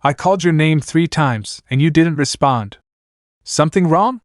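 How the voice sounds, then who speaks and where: A man's voice: a little high, expressive, moderate pace, no echo, studio quality, voice pushed up, natural voice. A man voicing a devout young male exorcist with a pleading, earnest manner.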